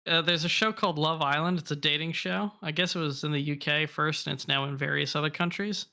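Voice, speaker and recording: Brief: gravelly male co-host, enthusiastic and profane. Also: a little high, fairly even intonation, a little fast, bright, forceful tone. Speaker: podcast co-host. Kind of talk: casual chat.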